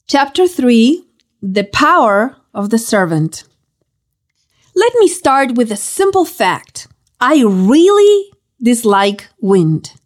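A woman reading her own devotional book aloud, telling stories with dramatic, preacherly emphasis. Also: on the high side.

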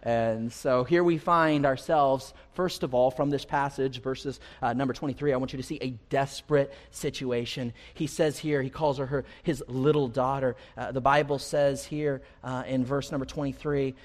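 A man's voice: medium pitch, steady tone, moderate pace, hardly any pauses. A man preaching a sermon as pastor, earnest and building intensity through repeated phrases, in a church. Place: church sanctuary. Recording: long hall reverb.

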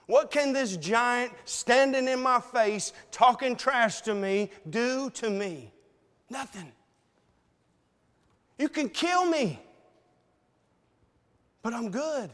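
Male preacher, folksy sermon delivery, smooth clear voice, long hall reverb. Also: very high voice, animated, a bit bright. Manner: folksy, conversational preaching with dramatic pauses. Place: church sanctuary.

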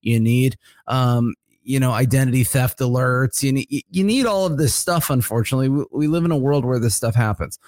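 A man co-hosting a podcast, telling a story in a casual, animated way with lots of fillers. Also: medium pitch, a little fast, few pauses, dry recording, clean studio sound. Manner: animated, chatty, full of fillers. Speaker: podcast co-host.

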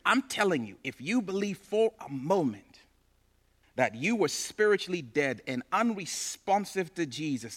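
A man preaching a sermon as pastor, impassioned and building to loud, emphatic bursts. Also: fairly high pitch, big pitch swings, measured pace, slightly rough.

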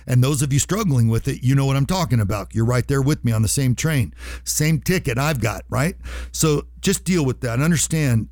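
An earnest male radio host talks straight to his listeners, pressing his points home and repeating them for weight. His voice sits at a middle pitch and sounds dry and close to the mic, with no room around it. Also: lively intonation, fairly quick, darkish tone, dry recording. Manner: earnest, emphatic, repeats for stress. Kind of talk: heartfelt motivational radio talk.

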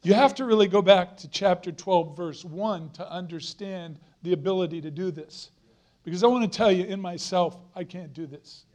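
A middle-aged man preaches with a fairly high voice. He is earnest and emphatic, and he drives points home by repeating phrases. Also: moderate pace, darkish tone. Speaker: guest preacher. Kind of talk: sermon.

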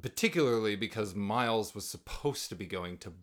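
A woman's voice: extremely low pitch, expressive, brisk. A woman co-hosting a podcast, recapping a show in casual chat with dry, wry comments. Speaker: podcast co-host.

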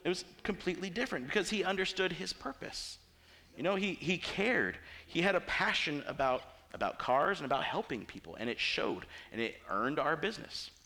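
A middle-aged male pastor giving a conversational sermon, animated and acting out the people in his stories. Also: fairly high pitch, a little fast.

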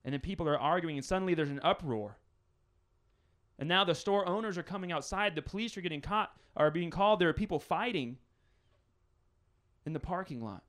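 A man's voice: on the high side, animated, a little fast, pauses often, a bit bright. A man preaching a conversational sermon as pastor, building scenarios with rising intensity.

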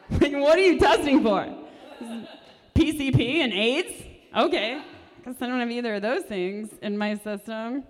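A woman's voice: high voice, moderate pace. A young adult woman doing a stand-up comedy set with a dry, sardonic delivery, recorded live in a performance space. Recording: reverberant live room.

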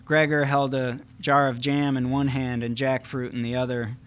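A man's voice: mid-range voice, moderate pace, a little hiss or hum. A man, the author, answering questions with many fillers and then reading a passage from his first novel at a live event. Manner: hesitant when talking, steady when reading.

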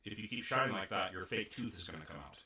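A man's voice: sits low, animated, fast talker, pushed and bright, pitched below the performer's own voice, full character voice. A man voicing a stuffy male butler in a dry, scolding tone. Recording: roomy echo, far from mic.

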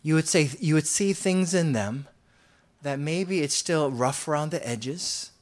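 A man preaching a sermon as pastor, in an earnest voice that rises loud for scripture and drops to near-whispers, often repeating and restarting his words. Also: on the high side, unhurried.

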